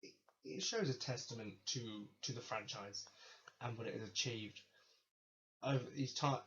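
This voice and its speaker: A man's voice: mid-range voice, normal speed, fairly bright tone. Rambling man hosting a solo podcast. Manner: rambling, self-correcting, enthusiastic. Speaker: podcast host. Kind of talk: casual solo podcast monologue. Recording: slightly dull lo-fi mic with faint hiss.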